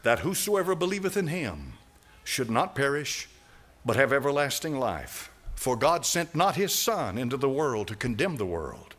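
A man preaching a sermon as pastor, fiery and dramatic, swinging between loud cries and low asides, with chuckles along the way. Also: big pitch swings, moderate pace.

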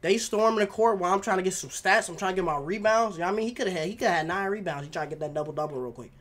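Excitable high-voiced man reacting to videos. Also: rapid-fire. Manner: excitable, slangy, keeps asking "you know what I mean". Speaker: basketball reaction video host. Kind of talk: casual reaction commentary.

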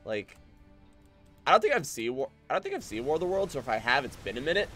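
A man gives casual, sarcastic running commentary on a game he is playing. His voice sits a little high and swings wildly up and down, often jumping into silly squeaky exclamations. He swears freely and jokes about everything going wrong. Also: sing-song, quick pace, a bit bright, soft background music. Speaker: game streamer.

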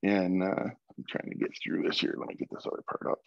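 A man's voice: low-pitched, lively intonation, a little fast, gravelly, no room sound, highs cut off. A man from Michigan giving an informal presentation over a video call, with many fillers and restarts. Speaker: guest speaker.

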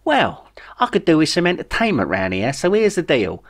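A man's voice: on the high side, wildly swooping pitch, normal speed, voice pushed up. A man voicing a bossy, scornful queen in a spoken storybook, mocking and imperious.

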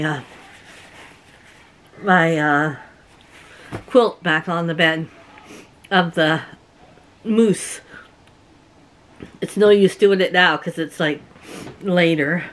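A low, fairly bright voice comes through with a little hiss or hum. It belongs to a middle-aged woman in rural Canada chatting casually to camera, telling stories and often laughing.

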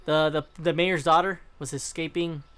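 A man's voice: on the high side, steady tone, normal speed, fairly bright tone, smooth. A young man giving casual let's-play commentary, rambling, swearing freely and often trailing off mid-thought. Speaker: gaming channel host.

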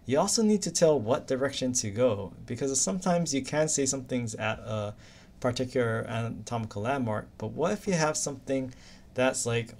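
A man's voice: mid-range voice, a little mellow. A man from Hawaii, teaching an anatomy lecture in a casual, chatty way. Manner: casual, chatty, uses silly memory stories. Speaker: anatomy instructor. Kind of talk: recorded lecture.

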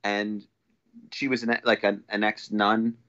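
A man's voice: fairly low pitch, unhurried. Rambling man telling a story, lo-fi. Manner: rambling, many restarts, animated when quoting. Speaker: podcast guest. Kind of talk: casual storytelling. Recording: dull lo-fi audio.

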